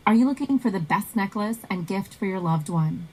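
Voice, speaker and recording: A woman's voice: mid-range voice, animated, moderate pace, darkish tone, husky, pitched above the performer's own voice, poor audio. Upbeat female ad voice. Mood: promotional. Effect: text-to-speech.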